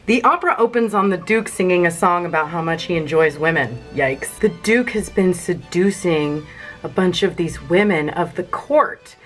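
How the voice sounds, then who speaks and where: A woman's voice: lowish voice, moderate pace, faint music behind. A woman hosting a playful, slangy recap of an opera plot, full of jokey asides. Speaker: host.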